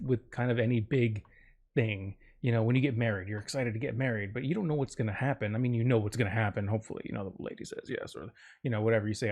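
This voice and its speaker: A man's voice: mid-range voice, a little mellow. Rambling man hosting a solo podcast. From Florida, United States. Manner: rambling and self-interrupting, with frequent fillers and jokes. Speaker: podcast host. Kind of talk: casual solo podcast storytelling.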